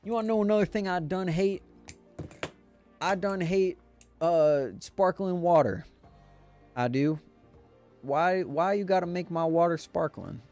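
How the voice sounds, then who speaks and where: A man's voice: high-pitched, a little slow, long pauses, a little mellow, soft background music, voice pushed up. A man putting on a clumsy mock Southern drawl as a grumpy guy griping about sparkling water, with folksy, exaggerated grammar. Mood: grumbling.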